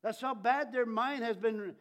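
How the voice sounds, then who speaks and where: A middle-aged male pastor giving a conversational Easter sermon, animated with jokey asides and audience questions. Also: extremely high pitch, unhurried.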